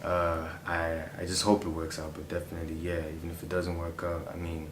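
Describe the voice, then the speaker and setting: A man's voice: low voice, monotone, a little fast, crowd noise. A young Nigerian man with a Nigerian accent, chatting easily as an interview guest, laughing often and filling with "you know". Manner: easygoing, laughs often, many fillers. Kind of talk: casual interview chat. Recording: roomy echo.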